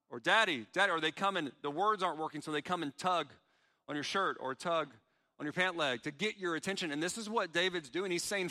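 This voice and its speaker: A man's voice: a little high, pushed and bright, big-room sound. A man preaching a sermon, earnest in tone, voicing heartfelt pleas as he quotes prayers. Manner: earnest, pleading when quoting prayers. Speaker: pastor.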